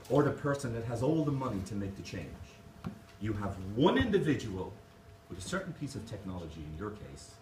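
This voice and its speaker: Animated man in an echoey hall. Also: mid-range voice. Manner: animated, jokey, addresses crowd directly. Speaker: keynote speaker. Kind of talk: motivational conference talk. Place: conference hall. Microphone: distant camera mic. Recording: echoey hall, distant mic, noisy room.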